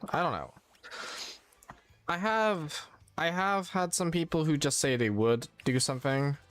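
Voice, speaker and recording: A man's voice: mid-range voice, fairly bright tone, clean tone. A man streaming a game, chatting casually and rambling, often correcting his own words. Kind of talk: casual gameplay chat.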